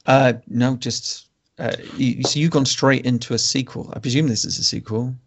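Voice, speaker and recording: Sex: man. Role: podcast co-host. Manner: wry and teasing. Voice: gravelly, with vocal fry. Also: mid-range voice, fairly even intonation, moderate pace, slight background noise. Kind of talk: casual film review chat.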